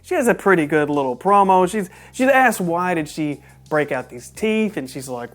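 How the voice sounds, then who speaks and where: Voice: mid-range voice, normal speed, few pauses. Chatty incredulous wrestling recapper from Texas. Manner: animated and incredulous, with joking asides. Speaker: wrestling show reviewer. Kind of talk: casual recap commentary.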